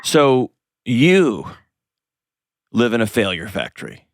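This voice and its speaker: Male advice host: blunt, coaching, middle pitch, dry close mic. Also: very animated, takes it slowly, no echo. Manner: direct, coaching, playful asides. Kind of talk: advice call-in show.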